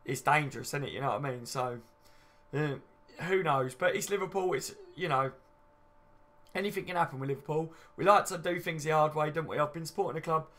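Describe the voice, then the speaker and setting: His voice is fairly high, brisk, and a touch bright. He's a man in his late twenties hosting a relaxed fan livestream, reading out what viewers write, matey and chatty, swearing freely and frequently dropping "you know what I mean."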